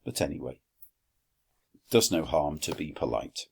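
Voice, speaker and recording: A man teaching a Latin lesson, explaining slowly and deliberately with dry, wry asides. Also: rumbling low, vocal fry, darkish tone, breathy edge. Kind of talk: recorded classroom lesson.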